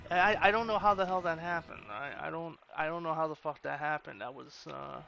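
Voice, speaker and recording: A man's voice: on the high side, fairly quick, gravelly, bright, forceful tone. A man casually commenting on a game he plays, rambling and profane, often restarting his sentences. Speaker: gamer. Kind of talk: gameplay commentary.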